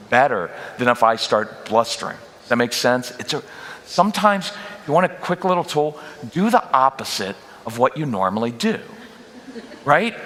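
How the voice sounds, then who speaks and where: A man with a bright, forceful voice addresses a live church audience in a parenting workshop. He talks energetically, cracks jokes and slips into quoted voices of parents and children. His voice rings out with the long reverb of a big church hall. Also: mid-range voice. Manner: energetic, jokey, acts out quoted parents and kids. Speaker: guest parenting speaker. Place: church auditorium.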